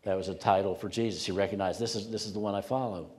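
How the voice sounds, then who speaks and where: A man preaching a sermon, earnest, swinging from loud emphasis down to near whispers. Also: fairly low pitch, steady tone, fast talker. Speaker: pastor. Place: church sanctuary. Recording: long hall reverb.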